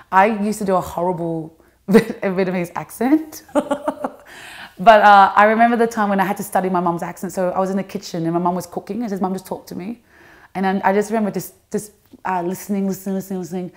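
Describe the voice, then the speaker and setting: Chatty woman, lively. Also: medium pitch. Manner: animated, restarts, laughs often. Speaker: actress and comedian, guest. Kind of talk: casual interview chat.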